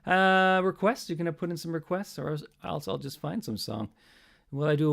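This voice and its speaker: A man's voice: a little high, normal speed, vocal fry, a bit bright. A man hosting a live stream from his home, chatting between songs in a rambling, self-mocking way and muttering to himself.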